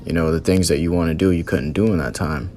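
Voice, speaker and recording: A man's voice: rumbling low, steady tone, fast talker, darkish tone, soft background music. A man earnestly recounting a religious vision as a testimony, in loose storytelling with many fillers.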